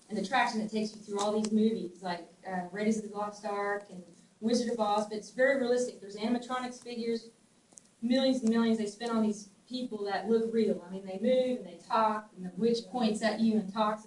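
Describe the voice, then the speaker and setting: A middle-aged woman with a Southern US twang, telling stories in a casual, animated way, laughing often and restarting her sentences. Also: on the high side. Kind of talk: casual storytelling. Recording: echoey room, distant mic, faint ambient noise.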